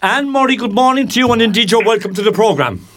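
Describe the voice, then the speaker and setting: A man with an Irish accent hosting a community radio show, chatty and jovial, with lively jumps in pitch. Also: fast talker, slight background noise. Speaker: radio host. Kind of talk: casual chat.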